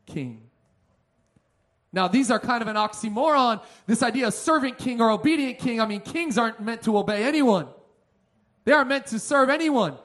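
A man preaching as a pastor, emphatic, swinging between loud passages and soft ones. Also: very high-pitched. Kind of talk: sermon.

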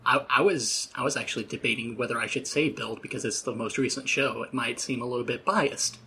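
A man talking casually on a podcast, explaining his views in a measured way. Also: mid-range voice, bright, forceful tone, a little hiss or hum. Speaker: podcast panelist. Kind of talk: casual chat.

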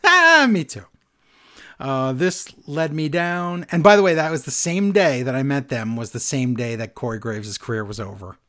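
A man's voice: mid-range voice, very animated, normal speed, bright, forceful tone. A man co-hosting a casual wrestling podcast, chatting and reading listener emails aloud. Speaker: podcast co-host. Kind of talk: casual chat.

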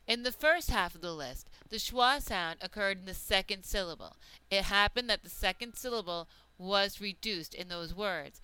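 A woman teaching a pronunciation lesson, reading out example words slowly and deliberately. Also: mid-range voice, sharp tone, smooth, dry recording, poor audio. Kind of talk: slow, careful pronunciation lesson.

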